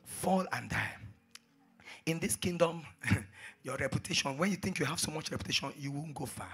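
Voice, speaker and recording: A man preaching a sermon, repeating phrases and swinging between hushed asides and shouted exhortations. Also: on the high side, expressive, moderate pace, creaky, breathy edge.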